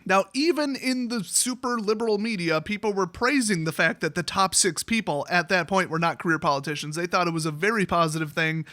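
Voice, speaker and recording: Guy ranting sarcastic and fed up, kinda high bright voice, dry close sound. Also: brisk, few pauses, no echo. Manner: sarcastic, exasperated, mocking voices. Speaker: YouTuber. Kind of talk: political rant.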